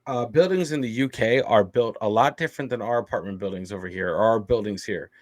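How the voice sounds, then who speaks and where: A man's voice: lowish voice, brisk. A man co-hosting a podcast in casual chat, explaining things loosely with many fillers. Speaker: podcast co-host.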